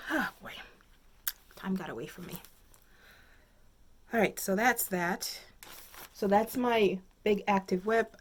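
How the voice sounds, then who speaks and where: A woman's voice: medium pitch, slight background noise. A woman hosting a crafting video podcast from home, chatting casually and thinking aloud, rambling with many fillers. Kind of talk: casual chat.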